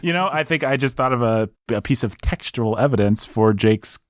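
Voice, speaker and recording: A man hosting a book podcast in casual chat, often laughing and breaking into animated asides. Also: mid-range voice, moderate pace, no room sound, studio quality. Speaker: podcast host.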